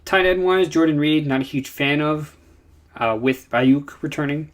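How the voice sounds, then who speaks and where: A young man casually giving fantasy football picks, running through players with lots of ums and uhs. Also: on the high side. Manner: rapid list of player picks with many fillers. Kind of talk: casual commentary.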